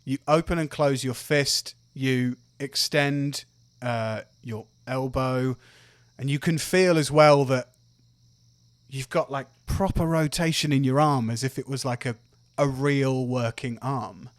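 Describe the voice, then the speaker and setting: A man as dungeon master, narrating a tabletop game in a relaxed, descriptive way. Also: medium pitch, slow, no room sound, studio quality.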